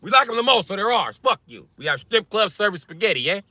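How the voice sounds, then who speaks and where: A man doing a put-on Italian accent, playing a loud, boastful Italian tough guy who taunts and tags "eh?" onto his lines. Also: high-pitched, very animated, fast talker, dry recording, voice pushed up, exaggerated voice. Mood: defiant. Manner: pushy, taunting, keeps tagging "eh?".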